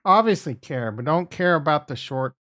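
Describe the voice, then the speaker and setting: A man's voice: on the high side, lively intonation, moderate pace, fairly bright tone. A man giving casual market commentary as a video host, blunt and profane, repeating his points and getting exasperated. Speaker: crypto and stock market YouTuber.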